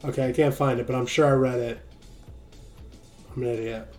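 A man's voice: mid-range voice, steady tone, fairly quick, a little mellow, soft background music. A man hosting a livestream and preaching casually, loose and joking, with frequent "right?" tags. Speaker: livestream host.

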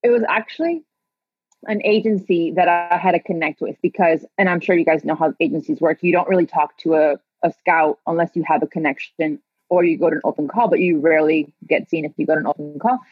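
A woman's voice: sits low, fairly quick, husky, dry recording, lo-fi sound. A woman in her thirties, a guest telling her life story in a chatty way, with frequent laughs and filler words. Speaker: interview guest. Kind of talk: personal storytelling in conversation.

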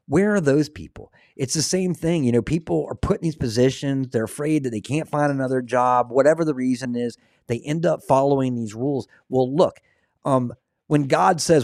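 Excitable man preaching casually. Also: mid-range voice, normal speed, no echo, studio quality. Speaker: host. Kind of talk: casual religious commentary.

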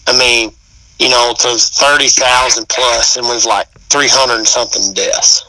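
A man's voice: mid-range voice, steady tone, measured pace, sharp tone, dry recording, low-quality recording. A man in laid-back casual chat, agreeing often and telling short stories.

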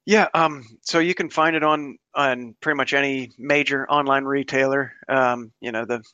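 A man answering interview questions as a guest, hesitant and full of pauses and restarts. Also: medium pitch, fairly even intonation, bright, forceful tone, clean tone, no echo, muffled recording. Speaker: guest author and fly angler.

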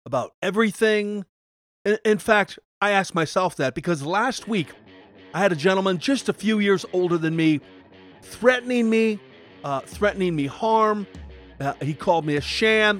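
A middle-aged man, a pastor, preaching a podcast sermon in an energetic, emphatic way with sudden rises. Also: high-pitched, normal speed, faint music behind.

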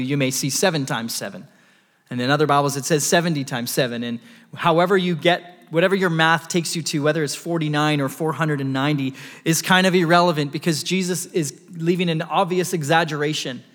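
A man's voice: fairly high pitch, a bit bright, long reverb tail. A pastor preaching a sermon, earnest, stumbling over words and restarting as he explains scripture.

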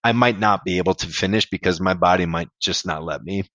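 A man's voice: deep voice, brisk, pushed and bright, no echo. A man being interviewed, telling a candid, rambling story about a hard race, with casual swearing. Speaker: podcast guest, amateur ultrarunner.

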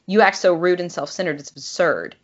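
A woman's voice: lowish voice, expressive, fairly quick, highs cut off. A woman reading the lines of a snarky, rude grown man in a heated argument, taunting and sneering.

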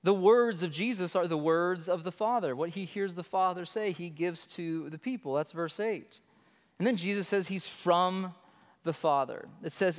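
A man's voice: high-pitched, moderate pace. A man preaching with a slightly raised voice that rings out through a long hall reverb. He is earnest and emphatic, leaning on repeated phrases to drive a point home. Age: adult with children. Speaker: pastor. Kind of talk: sermon.

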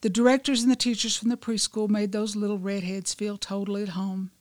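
A woman's voice: medium pitch, level tone, fairly quick, darkish tone, no room sound. Woman telling a devotional story, dry close sound. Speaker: devotional writer and presenter.

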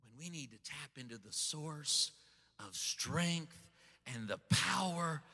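A middle-aged man preaching a sermon, telling a story with lots of excitement and stumbling repeats as he starts sentences. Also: on the high side, takes it slowly, vocal fry, husky. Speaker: pastor. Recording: long hall reverb.

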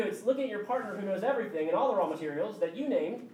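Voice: medium pitch, quick pace. Preacher acting out scripture dialogue, roomy hall. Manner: acts out dialogue with God in voices; swings from loud exclaiming to hushed. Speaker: pastor. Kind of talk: sermon. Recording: roomy hall, mic from far off.

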